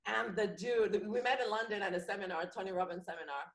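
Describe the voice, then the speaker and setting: A woman's voice: mid-range voice, steady tone, quick pace. A woman comedian and actress chatting as a podcast guest, talking freely, laughing often and restarting her sentences. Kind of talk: casual chat. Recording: roomy echoey sound.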